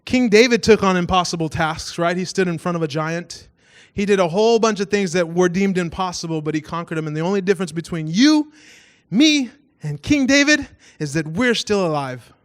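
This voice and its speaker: A man pastor giving a casual storytelling sermon, animated and self-mocking, acting out voices in his stories. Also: sits high, fairly quick, clear, resonant tone.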